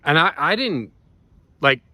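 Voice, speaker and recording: Slow-talking man telling a rambling story. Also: on the high side, sing-song, pushed and bright, no echo. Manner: rambling, profane, many restarts and ums. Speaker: vlogger. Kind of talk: casual personal storytelling.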